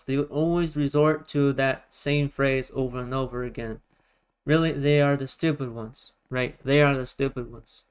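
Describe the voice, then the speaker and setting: A man talking casually on a live stream while gaming, in a loud, projecting voice, often repeating himself for emphasis. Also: on the high side, clear, resonant tone, poor audio.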